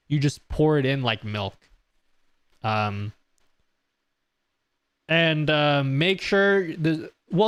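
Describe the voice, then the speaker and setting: Animated man streamer reading chat. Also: on the high side, clear, resonant tone, no echo. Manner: joking, reads chat aloud, laughs often. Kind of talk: casual live-stream Q&A. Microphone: close desk mic on an audio mixer.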